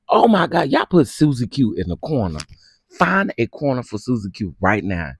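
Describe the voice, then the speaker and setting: A man hosting a casual gossip commentary, sassy and dramatic, who often bursts into loud laughter. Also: medium pitch, wildly swooping pitch, moderate pace, breathy edge, dry recording, studio quality.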